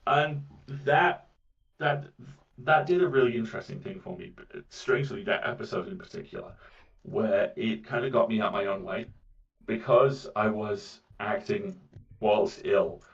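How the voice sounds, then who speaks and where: A man with a British accent and a soft, mellifluous voice chats casually as an interview guest, often repeating words as he goes. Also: fairly low pitch, unhurried. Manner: rambling, with frequent repeats of words. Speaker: voice actor guest. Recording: muffled, distant mic.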